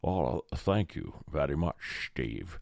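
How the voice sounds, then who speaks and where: A man's voice: rumbling low, animated, slow pace, gravelly, darkish tone, dry recording, clean studio sound, pitched below the performer's own voice, exaggerated voice. A man doing an impression of Sean Connery, a suave older actor, with an imitated Scottish accent and a slurred, lisping delivery.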